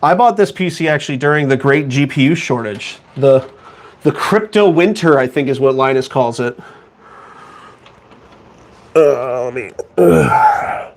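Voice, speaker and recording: A man's voice: medium pitch, lively intonation, measured pace, pauses often. A young man chatting casually on a stream, joking and self-mocking as he rambles on. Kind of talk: casual live-stream chat.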